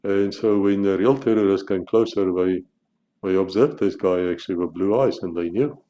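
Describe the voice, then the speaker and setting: A man's voice: low-pitched, normal speed, mellow, dull audio. A South African man talking bluntly as a channel host, restarting and repeating words as he argues his point. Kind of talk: opinionated monologue to camera.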